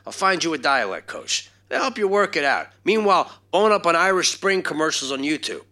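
A brash wheeler-dealer agent, forceful and very animated. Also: male voice, a little high, fairly quick. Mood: pushy. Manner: pushy, joking salesman banter. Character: brash wheeling-dealing male talent manager. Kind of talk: comedic audio drama.

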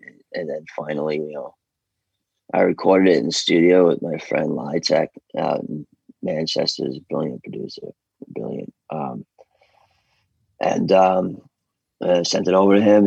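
A man's voice: low voice, vocal fry, breathy edge, no room sound, poor audio. A man from New York with an American accent, chatting loosely as a guest vocalist, rambling and swearing freely. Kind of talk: casual interview chat.

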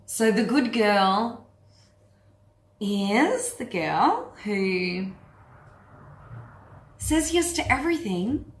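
A woman coach giving a frank, earthy workshop talk to a group, swearing freely and speaking with animation. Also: on the high side. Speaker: women's empowerment coach. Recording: echoey room.

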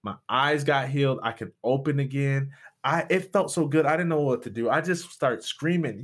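A young man from Michigan, a pastor, telling his story as a podcast guest in an earnest, animated way with frequent restarts. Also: mid-range voice, moderate pace. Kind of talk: candid storytelling and conversation.

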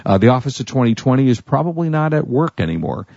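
A man's voice: medium pitch, big pitch swings, quick pace, gravelly, a little mellow, no echo, lo-fi sound. A man hosting a technology radio show, talking casually in a rambling, chatty way and correcting himself as he goes. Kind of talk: casual tech radio talk.

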